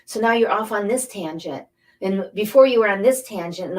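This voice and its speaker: A middle-aged woman who works as a spiritual coach and angel card reader gives a casual inspirational talk in a mid-range voice at a moderate pace. She speaks emphatically, drifting from thought to thought and repeating phrases to drive points home. Her voice sounds a bit distant from the microphone.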